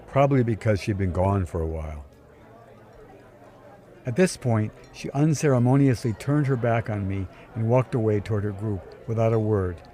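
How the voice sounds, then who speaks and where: Low, mellow man telling a wry story. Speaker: storyteller, podcast host. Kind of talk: scripted first-person storytelling.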